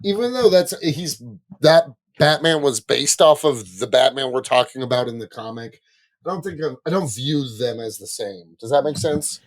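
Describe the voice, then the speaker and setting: A young man, a comedian, chatting loudly and boisterously on a podcast. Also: medium pitch, expressive, moderate pace, no echo. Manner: loud, boisterous. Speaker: comedian guest. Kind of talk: casual chat.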